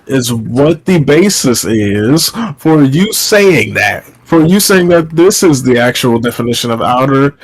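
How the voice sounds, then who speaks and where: A man's voice: mid-range voice, animated, measured pace, hardly any pauses, rough recording. A man cutting into a debate to bluntly clarify what is being asked. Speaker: debate participant.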